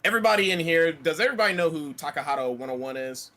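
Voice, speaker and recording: A man hosting a podcast in casual chat, excitable, laughing and swearing freely. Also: on the high side, rapid-fire, crowd noise. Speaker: podcast host.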